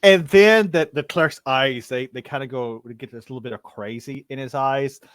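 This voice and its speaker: A man's voice: mid-range voice, moderate pace, fairly bright tone, clear, resonant tone, no echo. A man narrating as game master of a live-streamed tabletop game, loose and rambling with many fillers and restarts.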